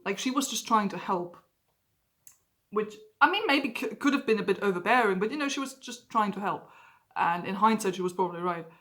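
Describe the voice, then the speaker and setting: A woman's voice: mid-range voice, expressive, fairly quick, fairly bright tone. Candid woman talking openly to camera. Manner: candid, swears freely, acts out past outbursts. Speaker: vlogger. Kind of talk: personal confessional vlog.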